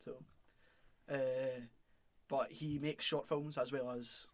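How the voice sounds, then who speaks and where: A man's voice: mid-range voice, flat delivery, takes it slowly. A young Scottish man co-hosting a podcast, rambling in casual chat, laughing often and swearing. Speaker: podcast co-host.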